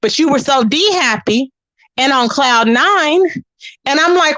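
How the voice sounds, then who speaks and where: A woman's voice: sits high, lively intonation, normal speed, fairly bright tone, no echo. A woman hosting a casual livestream, reading chat comments and gossiping straight to her viewers. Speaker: channel host.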